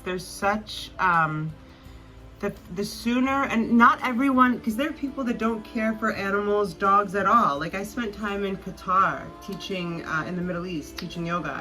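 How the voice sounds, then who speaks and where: A woman's voice: mid-range voice, bright, forceful tone, rough recording. A woman hosting a podcast, telling rambling stories in casual chat with lots of fillers. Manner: rambling, chatty storytelling with many fillers. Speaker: podcast host. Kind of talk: casual conversation.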